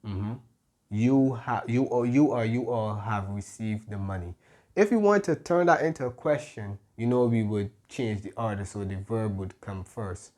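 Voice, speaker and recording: A man teaching a grammar lesson, explaining patiently and pausing often with soft "mm-hmm" fillers. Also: lowish voice. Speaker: Spanish tutor.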